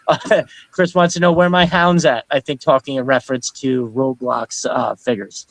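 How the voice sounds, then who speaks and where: A man's voice: medium pitch, unhurried, fairly bright tone, dry recording, low-quality recording. A middle-aged man hosting a live stream in casual, rambling chat. He reads out viewer comments and greets each viewer as brother. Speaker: host of a live stream show.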